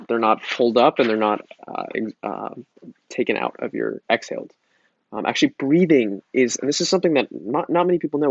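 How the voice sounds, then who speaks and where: A man guiding a casual yoga breathing lesson in a relaxed, chatty way, joking around and restarting his sentences. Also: medium pitch, dry recording, muffled recording. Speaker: yoga teacher.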